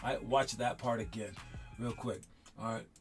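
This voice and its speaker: A man's voice: medium pitch, fairly even intonation, moderate pace. Male host, stutters, rambly casual commentary, faint music underneath. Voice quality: stutters, repeats words. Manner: rambling, wanders off mid-thought. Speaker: podcast host.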